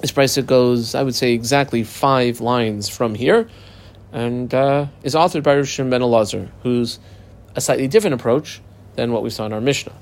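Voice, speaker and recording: A man teaching a Talmud page, reading the Aramaic text aloud and explaining it in casual, lively English. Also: mid-range voice, moderate pace.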